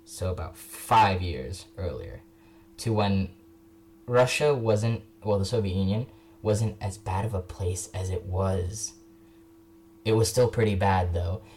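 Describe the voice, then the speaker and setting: A man's voice: low-pitched, slow pace, darkish tone, a little hiss or hum. Rambling young man on history. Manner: rambling, many restarts and self-corrections. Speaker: history video maker. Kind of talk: casual unscripted history talk.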